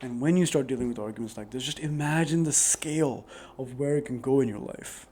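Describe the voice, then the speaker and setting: A man's voice: mid-range voice, fairly quick, warm tone, slightly rough, faint music behind. A man giving earnest, rambling relationship advice straight to camera, full of "like" fillers. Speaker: advice vlogger. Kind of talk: casual advice monologue to camera. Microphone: new dedicated microphone.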